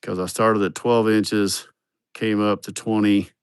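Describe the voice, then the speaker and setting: A man's voice: lowish voice, level tone, a little slow, smooth, dry recording, studio quality. A man livestreaming outdoors on a handheld phone, telling joking, profane stories in casual chat. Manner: joking, blunt, profane storytelling. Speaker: livestream host. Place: outdoors at a building site. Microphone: phone held in hand.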